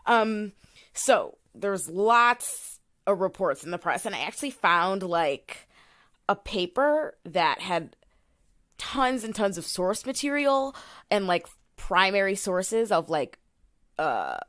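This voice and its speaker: Animated woman chatting on a podcast. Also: medium pitch, takes it slowly. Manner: animated, many fillers, swears casually. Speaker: podcast co-host. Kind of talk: casual chat, retelling a case from notes.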